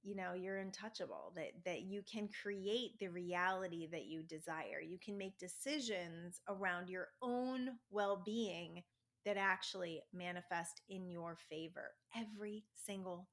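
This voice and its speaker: A woman's voice: fairly low pitch, unhurried. A middle-aged woman hosting a self-help podcast, telling personal stories in a chatty, upbeat way. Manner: chatty storytelling, animated and upbeat. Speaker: podcast host. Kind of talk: casual spiritual self-help monologue.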